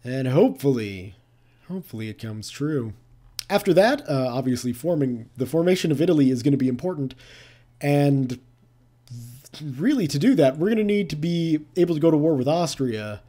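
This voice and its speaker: A man talks through a strategy game in a relaxed, chatty way, thinking aloud and tossing in playful jabs. His voice is mellow and dark, and it rises and falls a lot as he goes. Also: fairly high pitch, normal speed. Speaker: gameplay commentator. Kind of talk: casual let's-play commentary.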